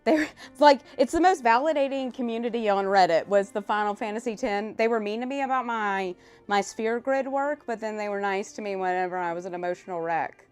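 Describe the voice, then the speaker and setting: A live streamer with a smooth, mid-range voice and a Louisiana accent, hailing from South Louisiana, chats in a loose, excitable, rambling way and swears often. Faint music can be heard behind her.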